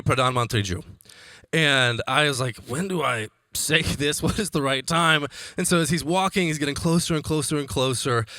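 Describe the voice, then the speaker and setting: Young guy comedian on stage, bright punchy voice, dry close sound, keeps laughing mid-story. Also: a little high, no room sound. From Iowa, United States. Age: young adult. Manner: animated, laughs often while telling stories. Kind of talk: comic storytelling talk. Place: conference stage.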